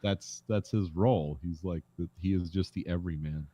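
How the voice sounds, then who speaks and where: A man's voice: low voice, normal speed, warm tone, no echo. A man co-hosting a casual movie podcast, rambling with hesitant restarts and acting out little quotes. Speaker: podcast co-host.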